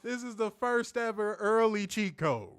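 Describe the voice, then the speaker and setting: Excitable young man, laughing, slangy. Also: high voice, measured pace, clean tone, no echo, clean studio sound. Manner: excitable, laughs often, slangy, repeats phrases. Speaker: wrestling show reviewer. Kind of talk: casual live-stream commentary reading chat.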